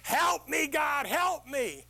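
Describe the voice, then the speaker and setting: An older man voicing a desperate climber hanging from a cliff branch, shouting frantically for help. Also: very high-pitched, big pitch swings, slow, vocal fry, pitched above the performer's own voice, exaggerated voice. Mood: frantic.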